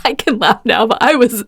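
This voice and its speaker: A middle-aged woman hosts a podcast, chatting through personal stories and laughing often. Her voice is on the high side, a bit bright and slightly rough, with clean studio sound and no room sound.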